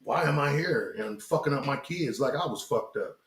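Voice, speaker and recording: A man's voice: medium pitch, lively intonation, normal speed, a bit bright. A middle-aged man, a guest rapper, telling rambling, profane stories from his life in a casual interview chat. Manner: loose, profane, rambling storyteller. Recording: roomy echoing studio.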